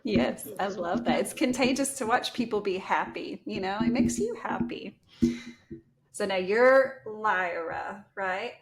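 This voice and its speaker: Southern woman, podcast host, chatty and laughing, mid-pitched. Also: a little slow. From Texas. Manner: chatty, laughs often, says y'all. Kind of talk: casual podcast chat.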